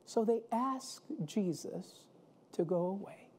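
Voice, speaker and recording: A woman preaching a sermon in a slow, measured storytelling manner. Her tone is mellow and warm, with dramatic pauses that let each phrase land. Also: medium pitch, slightly rough.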